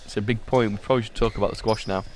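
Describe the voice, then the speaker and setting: A man's voice: lowish voice, fairly even intonation, racing. A man from Britain giving live squash commentary with dry, teasing banter. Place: squash venue. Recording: loud court noise and ball bounces.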